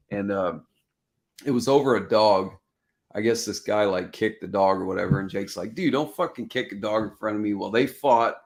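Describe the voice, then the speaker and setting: Profane, laughing Texan storyteller man. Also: lowish voice. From Texas. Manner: swears a lot, laughs while telling stories. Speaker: podcast host. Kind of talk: casual storytelling chat. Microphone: video call stream.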